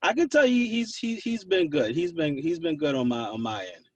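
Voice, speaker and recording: A man, a DJ guest on a radio show, talking casually and haltingly, often circling back over his own words. His voice sits a little back from the mic in a dry, dead-sounding space. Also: fairly high pitch, animated, slightly rough, no room sound, far from the mic. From New York City. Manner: hesitant, repeats words while thinking. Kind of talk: casual interview chat.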